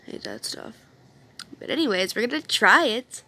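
A woman's voice: fairly high pitch, expressive, moderate pace, vocal fry, sharp tone. A woman casually commenting on a game she is playing, upset and rambling, with self-deprecating asides. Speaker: let's play gamer.

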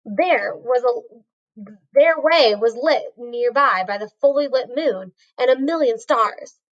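A woman's voice: on the high side, slow pace, dull audio. A woman reading a storybook aloud, carefully, with a few small slips. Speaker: reader.

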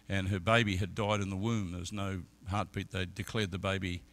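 A middle-aged man preaching a sermon as an evangelist, telling stories and swinging from quiet talk to loud shouted peaks. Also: sits low, flat delivery, brisk. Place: church service.

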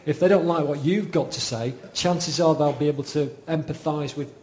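A man's voice: fairly high pitch, normal speed, darkish tone. A man giving a live talk at an event, enthusiastic and repeating words as he makes his points. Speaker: speaker at an event.

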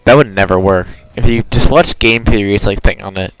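A man's voice: on the low side, a little fast, hardly any pauses, a bit bright, clean tone, dry recording, soft background music, rough recording. Give me a young man rambling through casual game commentary, often correcting himself. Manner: rambling, self-correcting, chatty. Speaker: gamer. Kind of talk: casual let's play commentary.

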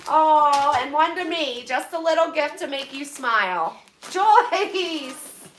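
High bright-voiced mom gushing thank yous to viewers, slow talker, kinda far from the mic in an echoey room. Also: female voice, slight background noise. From Pennsylvania, US. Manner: effusive, emotional, gushing thanks. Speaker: vlogger opening donated boxes. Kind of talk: casual chat to viewers.

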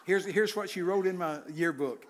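An older man preaching a humorous sermon, telling folksy stories and breaking into loud shouts. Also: high-pitched, normal speed, background noise. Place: church sanctuary.

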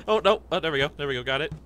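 A young man narrates his horror game playthrough in an excitable, jumpy way. His voice sits high and swings wildly in pitch as he chatters to viewers. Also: slight background noise. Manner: excitable, jumpy, laughs and yelps often. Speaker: gaming channel host. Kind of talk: let's play commentary.

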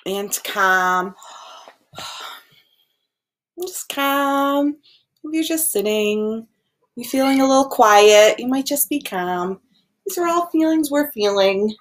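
A woman preschool teacher giving a gentle, expressive lesson to young children, acting out each feeling as she names it. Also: mid-range voice, unhurried. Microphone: video recording.

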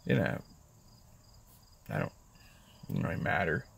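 A man's voice: measured pace, a bit bright. A man rambling on his vlog from his parked car, swearing often and mocking himself. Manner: rambling, profane, self-mocking. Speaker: vlogger. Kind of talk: casual vlog talk.

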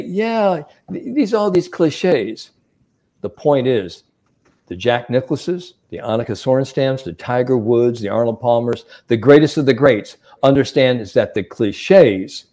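A man who is a sports psychologist, giving mental coaching advice in a podcast chat and acting out the people he quotes. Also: medium pitch. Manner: animated storyteller, acts out quotes.

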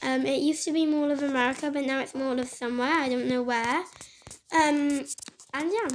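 A woman's voice: high voice, fairly even intonation, moderate pace, a little hiss or hum. A woman casually retelling a game story in a rambling, scattered way, recorded on a phone mic. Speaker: gaming vlogger.

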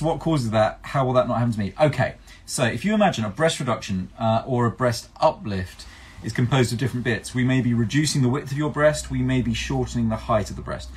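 A man's voice: medium pitch, slightly rough. Chatty male surgeon explaining on a live stream. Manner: chatty, explanatory, self-deprecating, thinks aloud with restarts. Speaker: plastic surgeon answering viewer questions.

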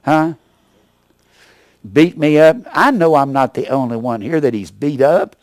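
A man in his seventies preaching a sermon as pastor, with emphatic rises and sudden low asides. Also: unhurried, dry recording. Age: 70s. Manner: emphatic preaching, rising to loud punches then dropping low.

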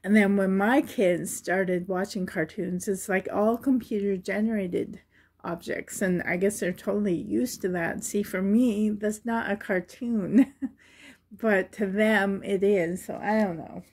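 Slow, rambling chatty woman. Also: medium pitch, fairly even intonation, a little mellow, slightly rough. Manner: rambling, chatty, laughs often. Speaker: vlogger. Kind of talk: casual chat to camera.

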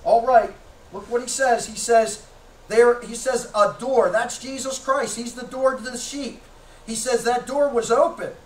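High-voiced preacher in an echoey church. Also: male voice, steady tone, unhurried, recorded from a distance. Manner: emphatic, rhetorical questions, occasional shouting. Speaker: pastor. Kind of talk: sermon. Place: church sanctuary.

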